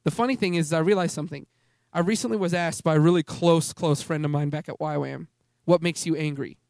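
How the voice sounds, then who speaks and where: A man's voice: fairly high pitch, quick pace, vocal fry, a little mellow, no echo, clean studio sound. A young man giving an earnest, rambling testimony sermon, often restarting his sentences. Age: young adult. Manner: earnest, rambling, self-interrupting. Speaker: speaker at a youth ministry gathering.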